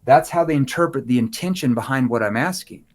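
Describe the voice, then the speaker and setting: A man's voice: medium pitch, a little fast. A man on a podcast explaining sales techniques, acting out sample lines in shifting tones. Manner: animated, acts out sample dialogue with shifting tones. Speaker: sales trainer guest. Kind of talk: podcast interview, demonstrating tones.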